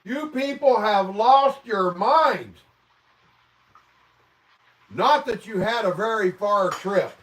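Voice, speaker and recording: A Midwestern American man hosts a casual livestream from indoors at home, answering viewer comments with profane, mock-outraged exclamations. His high, animated voice has a fairly bright tone, and he speaks slowly with frequent pauses. He sits a bit distant from the mic.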